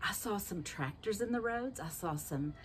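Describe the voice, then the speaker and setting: A woman telling a story to children in an animated way, often asking the listeners questions. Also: mid-range voice, moderate pace, a little hiss or hum. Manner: lively, animated storytelling with asked questions to kids.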